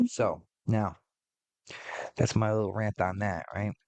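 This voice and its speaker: A man's voice: fairly low pitch, fairly even intonation, slow pace, a little mellow, no room sound, lo-fi sound. A man in his forties hosting a podcast, ranting casually with lots of swearing and rambling asides. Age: 40s. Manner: profane, rambling, exasperated. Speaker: podcast host.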